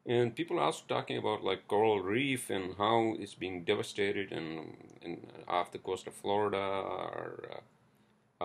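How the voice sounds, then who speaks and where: A man with a very deep, gravelly voice hosts a loose solo podcast. He rambles casually, swears freely and fills his talk with "like" and "uh". He records at home through a cheap headset mic. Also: big pitch swings, measured pace. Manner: rambling, profane, many fillers. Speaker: podcast host. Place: indoors at home, street traffic outside. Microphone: cheap headphones.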